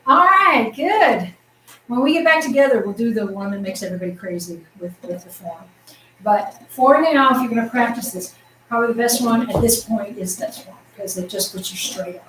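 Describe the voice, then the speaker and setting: Upbeat female tai chi teacher, fairly high voice, projecting, heard from across an echoey room. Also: recorded from a distance, slight background noise. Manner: upbeat, encouraging, counts out moves; projecting her voice loudly. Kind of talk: guiding an exercise class. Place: exercise room indoors.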